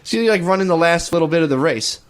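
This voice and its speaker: A man's voice: fairly high pitch, expressive, quick pace. Rambling man joking on a podcast. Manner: rambling, acts out quoted voices, laughs often. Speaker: podcast co-host. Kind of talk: casual comedic chat.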